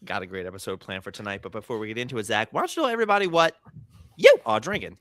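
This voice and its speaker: Brief: comic podcast host, man, bright and punchy, dry close mic. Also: fairly low pitch, very fast, no echo. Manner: loud, jokey, lively. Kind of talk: comedic podcast banter.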